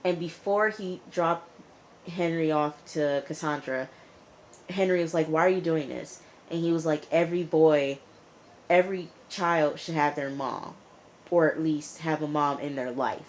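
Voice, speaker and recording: A woman with a notably low voice giving a chatty, casual TV episode recap. She fills her talk with "you know" and "like" and scolds the characters as if they could hear her. Faint noise sits under the voice. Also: measured pace. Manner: talks back to characters as she retells. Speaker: TV reviewer.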